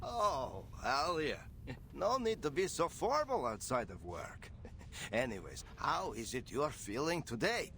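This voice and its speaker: A fatherly old circus owner in a game, super lively up-and-down voice, chill and friendly. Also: mid-range voice, unhurried, slight background noise. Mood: caring. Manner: friendly, informal, caring. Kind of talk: game voice acting.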